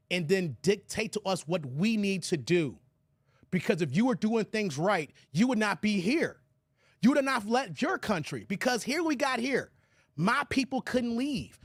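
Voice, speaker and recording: A male live stream host, talking casually and greeting his chat by name. His delivery is animated and loose, with quick laughs and emphatic runs. The sound is dry and close, with no room around it. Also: high voice, no room sound. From United States.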